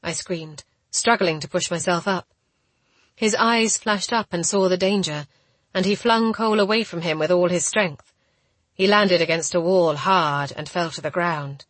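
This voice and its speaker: A woman reading a first-person novel aloud in a steady, measured narrating style. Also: fairly low pitch, no echo. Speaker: audiobook narrator.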